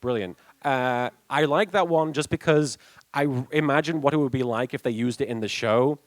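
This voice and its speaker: At a convention panel, a young man from England answers fan questions in a casual, chatty way, laughing often and restarting his sentences. His mid-range voice moves at a normal speed, recorded dry.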